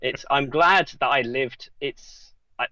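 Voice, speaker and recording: A man from England with a mixed English accent, chatting casually on a live Q&A, halting and restarting often. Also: medium pitch, pushed and bright, dry recording, muffled recording. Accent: mixed English, Essex and Yorkshire traces. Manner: halting, many restarts, reads chat questions. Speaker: guest.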